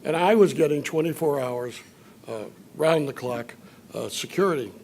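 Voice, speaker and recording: A man's voice: fairly high pitch, darkish tone, slight background noise. Older man telling stories in a dinner speech. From Chicago. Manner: storytelling, dry humor, occasional filler pauses. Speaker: dinner honoree giving a speech. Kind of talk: after-dinner speech with anecdotes. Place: banquet hall at a dinner event.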